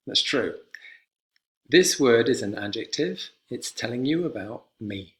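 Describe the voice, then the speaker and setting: A man teaching a basic English grammar lesson, speaking slowly and clearly and repeating examples for learners. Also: mid-range voice, animated, a bit bright. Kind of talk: classroom lesson.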